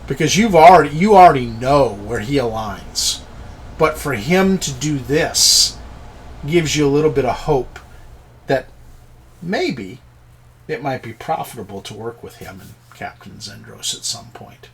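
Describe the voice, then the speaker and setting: A man runs a tabletop game, narrating the action at an unhurried, deliberate pace. His voice sits in a middle pitch, and faint background noise runs under it. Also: expressive. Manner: slow, descriptive storytelling. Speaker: game master.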